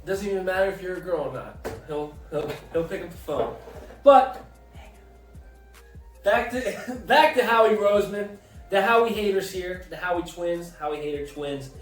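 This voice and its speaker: Man, high voice, casual sports chat, joking, swearing, echoey room, far from the mic. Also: normal speed, faint music behind. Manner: loud, joking, swears freely. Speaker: podcast host.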